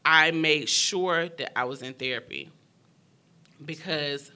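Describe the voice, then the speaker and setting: A young woman recounting her own story in a frank, emotional conversation. Her voice is very bright and sharp. She speaks in quick, heartfelt bursts. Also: low-pitched, clear, resonant tone. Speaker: guest sharing her story. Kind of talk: candid personal storytelling.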